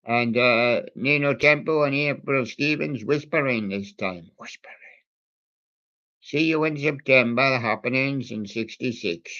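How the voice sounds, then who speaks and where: A man's voice: medium pitch, a little slow, few pauses, pushed and bright, lo-fi sound. A man hosting a music show, reading out song titles in a rambling, casual way with puns on the titles. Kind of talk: casual record-show chat.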